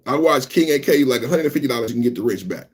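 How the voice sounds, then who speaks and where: A man hosting a live reaction podcast, ranting loudly, repeating himself and talking straight to his chat. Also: medium pitch, lively intonation, racing, husky. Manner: loud, repetitive, talks straight to chat. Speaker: podcast host.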